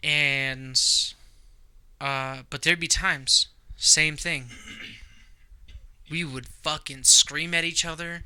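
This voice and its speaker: Animated, profane young man telling stories. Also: fairly high pitch, slow, long pauses, smooth, rough recording. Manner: animated, profane, acts out quarrels. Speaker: podcast co-host. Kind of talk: casual storytelling chat.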